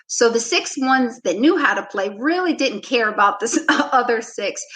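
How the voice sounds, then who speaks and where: A woman basketball coach, a podcast guest, telling a story in a relaxed, reflective way, often filling with "you know" and acting out her own past words. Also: fairly high pitch, moderate pace, low-quality recording. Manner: frequent "you know" fillers. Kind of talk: storytelling in a conversational interview.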